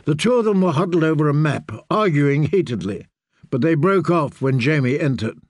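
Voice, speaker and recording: A man narrating a fantasy audiobook in a brisk, even storytelling manner. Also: a little high, no echo, studio quality.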